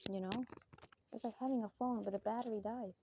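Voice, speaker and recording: A woman's voice: a little high, steady tone, a little fast, mellow, husky. A woman giving a casual, rambling spiritual monologue, often checking in with her listeners. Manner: rambling, keeps asking "you get me?". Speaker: religious speaker. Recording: dull lo-fi recording with faint noise.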